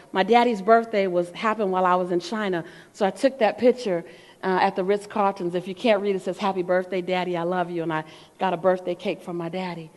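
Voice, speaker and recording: A middle-aged woman giving an animated motivational talk to a live audience, playful and calling out to the crowd. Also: medium pitch. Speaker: motivational speaker. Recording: long hall reverb.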